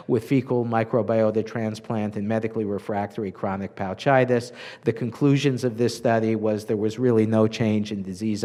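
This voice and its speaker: Man giving a measured medical lecture. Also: lowish voice, a little mellow. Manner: measured, earnest, frequent uh fillers. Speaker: physician lecturer.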